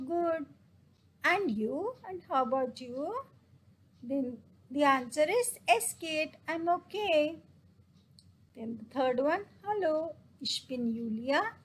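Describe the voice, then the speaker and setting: A woman teaching a casual German lesson in English, reading German phrases slowly and explaining each one. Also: high voice, slight background noise, poor audio.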